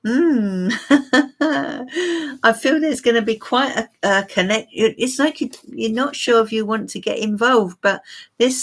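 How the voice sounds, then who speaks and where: A woman giving a live-stream tarot reading for viewers, musing and hesitant with many fillers. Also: a little high. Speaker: tarot reader.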